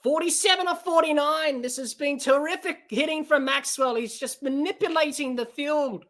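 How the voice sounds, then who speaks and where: An Australian woman hosting a podcast stream, giving excitable live cricket commentary and yelling at the big hits. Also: high voice, moderate pace. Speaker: podcast host.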